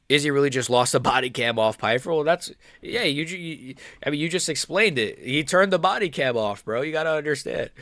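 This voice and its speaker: A man hosting a casual livestream, reading chat aloud and talking in a relaxed, rambling way with many fillers and restarts. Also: medium pitch, no echo, studio quality. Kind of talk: casual live-stream chat.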